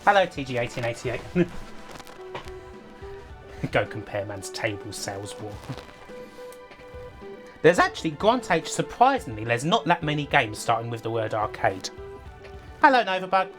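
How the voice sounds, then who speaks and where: Female streamer, dry and sweary, animated delivery over faint music. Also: very deep voice, moderate pace, pauses often. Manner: sardonic, laughs often, sweary. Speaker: retro games streamer. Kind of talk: casual live commentary.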